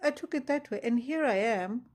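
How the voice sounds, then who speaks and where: A woman talks through her faith in a casual, diary-style vlog, earnest and rambling, often cutting herself off and sounding anxious, near panic. Her voice is on the high side and darkish in tone, with lively intonation at a moderate pace.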